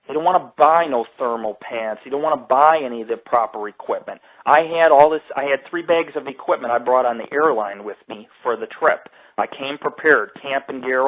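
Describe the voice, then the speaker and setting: A man talking on a live radio show in a blunt, swear-heavy way, his voice sitting at an ordinary middle pitch. The sound is muffled and lo-fi, like a low-grade internet radio stream. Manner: blunt, heavily profane storytelling. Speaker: radio show host and paranormal group founder. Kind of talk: casual live radio monologue.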